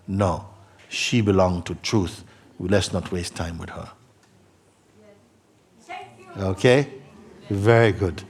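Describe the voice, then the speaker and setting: A man, a spiritual teacher, speaking earnestly to a seeker, moving between soft murmurs and emphatic, laughing passages. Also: low-pitched, fairly even intonation, measured pace, long pauses, husky. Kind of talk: satsang talk to a seeker. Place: meeting hall.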